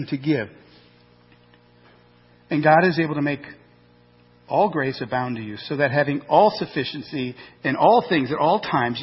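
Husky preacher man in a reverberant hall. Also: high voice. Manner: animated preaching with rhetorical questions and acted asides. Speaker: pastor. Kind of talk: sermon. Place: church sanctuary. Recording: muffled church hall recording with long reverb.

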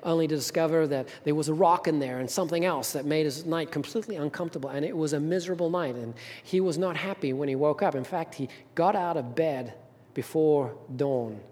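A man preaching a sermon as pastor, telling a story with emphatic rises and soft drops. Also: a little high. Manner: storytelling, rising to emphatic peaks then dropping soft. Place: church sanctuary. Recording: reverberant hall.

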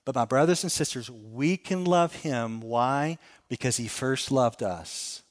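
A man's voice: mid-range voice, measured pace. A middle-aged man giving an earnest sermon as a pastor, telling stories and repeating phrases. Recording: long hall reverb.

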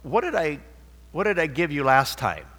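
A man's voice: fairly high pitch, sing-song, normal speed, fairly bright tone. A man voicing a bartender who explains a game hesitantly. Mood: explaining. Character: bartender running a dart game. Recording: long hall reverb.

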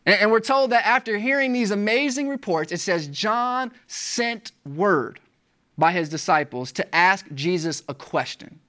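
A pastor preaching a sermon, building emphasis through repeated rhetorical questions and shifts in pitch and volume. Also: animated, measured pace, sharp tone.

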